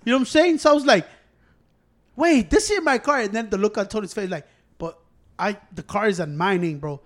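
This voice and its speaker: A man with a high voice tells a story in loose, profane casual chat. He acts out his own quotes and what others said as he goes. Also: fast, fairly bright tone.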